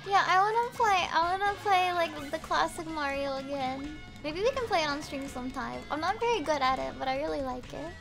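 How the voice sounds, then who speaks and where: A woman's voice: high voice, expressive, a little fast, vocal fry, few pauses, music in the background. A woman streaming a video game, chatting casually with her viewers, swearing and laughing often. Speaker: VTuber streamer. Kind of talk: casual gameplay commentary.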